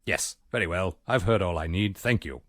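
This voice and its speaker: A man's voice: sits low, normal speed, a bit bright, dry recording. An actor voicing a prim, formal male butler with dry, polite delivery. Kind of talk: video game voice acting.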